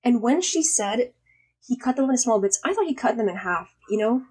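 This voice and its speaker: A young woman telling a story in a casual vlog, emphatic and swearing freely, her voice still a little hoarse from being sick. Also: fairly high pitch, lively intonation, brisk, a little mellow. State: slightly hoarse after illness. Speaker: vlogger.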